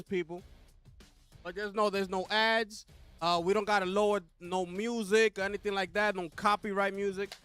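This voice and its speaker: A man's voice: sits high, flat delivery, normal speed, a bit bright, smooth, faint music behind. A young man hosting a casual live co-stream, hyped and calling out to his chat with repeated slang. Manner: hyped, talks straight to chat with repeated slang call-outs. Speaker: livestream host.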